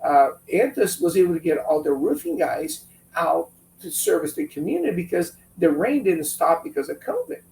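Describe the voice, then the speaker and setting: Guy with high gravelly voice telling a story, sounds a bit far off the mic, faint hum behind. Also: normal speed, roomy sound. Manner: animated, acts out quotes from friends. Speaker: business owner guest. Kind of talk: conversational interview storytelling.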